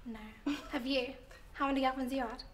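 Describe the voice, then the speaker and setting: A woman in her thirties answers a dating show host coyly and at a quick clip. Her voice sits a little high. There is faint noise behind her. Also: fairly even intonation. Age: 30s. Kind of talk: casual dating show chat.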